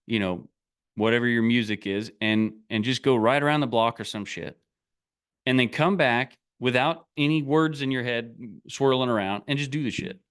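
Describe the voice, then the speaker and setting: A man's voice: a little high, fairly bright tone. A middle-aged man, a business coach, talking casually in a blunt, swearing, rambling way full of restarts. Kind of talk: casual motivational talk.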